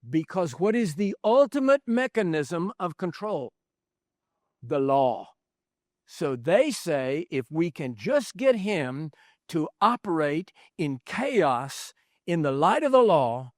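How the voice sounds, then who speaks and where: Animated man preaching a leadership sermon. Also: fairly high pitch, no echo, studio quality. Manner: animated storyteller, acts out quoted voices, chuckles. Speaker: pastor speaking on leadership. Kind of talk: conference sermon.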